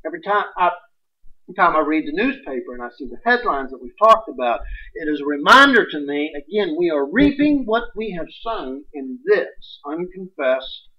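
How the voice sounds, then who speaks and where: Folksy preacher, distant and muffled. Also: male voice, on the high side. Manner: folksy, emphatic, swings from loud to hushed. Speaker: pastor. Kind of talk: sermon. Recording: dull distant livestream sound.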